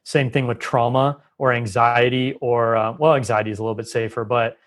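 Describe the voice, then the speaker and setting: Man, podcast guest, animated explainer, acts out quotes, mid pitch. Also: brisk. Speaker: guest expert on holistic health. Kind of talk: conversational podcast interview.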